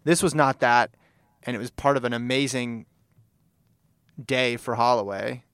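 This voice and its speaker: A man's voice: medium pitch, fairly even intonation, measured pace, a bit bright, clean tone, dry recording, studio quality. A man hosting a casual sports chat, enthusiastic and laughing as he tells anecdotes.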